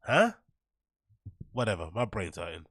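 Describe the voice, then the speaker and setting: A man's voice: fairly low pitch, wildly swooping pitch, measured pace, a bit bright, husky, dry recording. Mocking, profane man, dry mic. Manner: profane, mocking rants with filler words. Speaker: host. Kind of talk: commentary on podcast clips.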